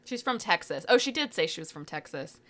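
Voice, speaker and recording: A young woman co-hosting a podcast, chatting casually about TV shows, full of fillers and quick asides. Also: on the low side, big pitch swings, sharp tone. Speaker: podcast co-host. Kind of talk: casual pop culture chat.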